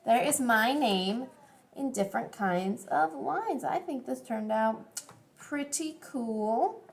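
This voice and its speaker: A woman's voice: a little high, expressive, slow pace. A young adult woman teaching an art lesson, chatty and encouraging, thinking aloud as she draws and colors. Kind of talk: classroom art lesson video.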